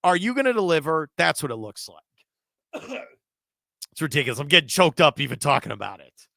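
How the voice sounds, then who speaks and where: A man's voice: medium pitch, lively intonation, normal speed, creaky, sharp tone, no room sound. A man hosting a sports talk show from a radio studio, delivering an emphatic, ranting monologue.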